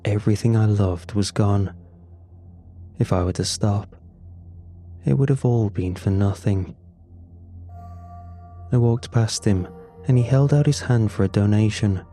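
A man narrating a first-person horror story in a slow, somber, scripted telling. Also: fairly low pitch, warm tone, soft background music.

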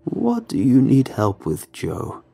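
A man voicing a creepy, frail male creature who calls himself the sun, with a slow, drawn-out, croaking voice. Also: medium pitch, wildly swooping pitch, mellow, soft background music, full character voice. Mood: menacing.

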